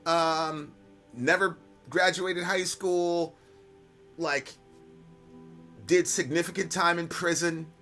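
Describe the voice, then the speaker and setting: A man's voice: fairly high pitch, fairly even intonation, takes it slowly, pauses often, sharp tone, soft background music. A man hosting a live stream, answering viewer questions in a casual, conversational storytelling manner, often checking in with "right?".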